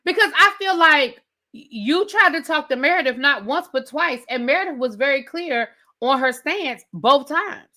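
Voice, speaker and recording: A woman with a high, bright voice rants sassily through a reality TV recap. She talks straight to her viewers in a loose, conversational style. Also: animated, normal speed. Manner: sassy, conversational, addresses viewers as y'all. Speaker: TV recap host. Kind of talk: animated reality TV rant.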